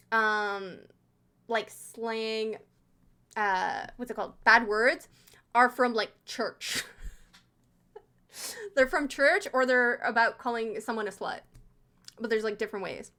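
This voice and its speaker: Bright high-voiced Quebecer streamer. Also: female voice. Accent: Quebec French. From Montreal, Quebec, Canada. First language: French. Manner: chatty, laughs often, reads chat messages aloud. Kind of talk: casual live-stream chat reacting to chat.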